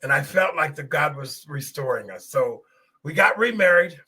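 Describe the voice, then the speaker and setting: A middle-aged man hosts a podcast and tells a personal testimony straight to his listeners. His voice sits a little high, very bright and husky, and his delivery is earnest and emotional. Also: lively intonation, normal speed. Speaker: podcast host.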